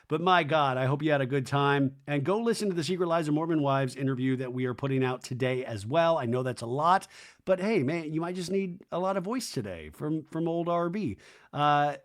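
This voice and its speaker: A man hosting a podcast, recapping reality TV in a gossipy, animated way. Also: on the high side. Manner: animated, gossipy, acts out the people he quotes. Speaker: podcast host.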